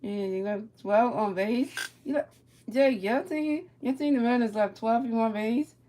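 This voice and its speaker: A woman's voice: a little high, moderate pace, dark tone, a little hiss or hum. A woman streamer giving casual play-by-play of a baseball video game, chatting with a viewer and stumbling over repeated words.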